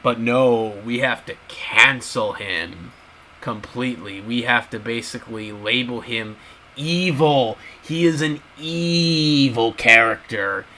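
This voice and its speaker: A man's voice: mid-range voice, slow pace, bright, forceful tone, slight background noise, rough recording. A man in casual video commentary, talking to his viewers and repeating his points emphatically. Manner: repetitive, emphatic, addresses viewers as guys. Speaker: YouTube commentator.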